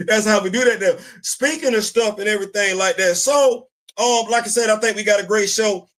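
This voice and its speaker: A man's voice: high voice, normal speed, fairly bright tone. A man hosting a casual commentary show, talking bluntly and emphatically, repeating his points. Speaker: podcast host.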